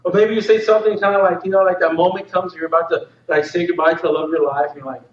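High-voiced preacher in a roomy hall. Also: male voice, quick pace, slight background noise. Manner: conversational, slangy, full of "like" and "you know". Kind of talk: casual, jokey sermon. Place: church hall with a congregation. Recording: roomy hall, distant dull mic.

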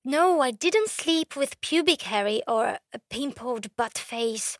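A woman's voice: a little high, animated, slow pace, few pauses, dry recording, clean studio sound, soft background music. A young woman telling a comic story, brash and sardonic, swearing freely. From Brazil. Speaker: comedian.

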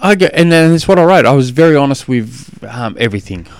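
A man's voice: medium pitch, lively intonation, fast, clean tone, no echo, clean studio sound. An Australian man hosting his own podcast, talking casually and frankly in a rambling way, with frequent restarts, as he answers listener questions. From Tasmania. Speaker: podcast host and triathlon coach. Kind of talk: casual solo podcast monologue.

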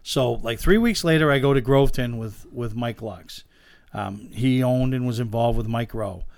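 A man, a guest telling lively stories about owning race cars in a casual chat, acting out the voices of the people in them. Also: medium pitch, normal speed, gravelly, no echo, studio quality. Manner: animated anecdote teller, acts out quoted dialogue. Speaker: guest, race car owner. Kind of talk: casual storytelling in a podcast chat.

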